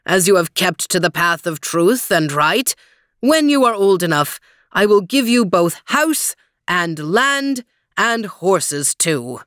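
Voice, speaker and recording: A woman's voice: sing-song, takes it slowly, fairly bright tone, no room sound, studio quality, heavily acted. A woman voicing a hearty, bellowing older lord and master in a storybook reading. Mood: jubilant. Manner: bellowing, booming.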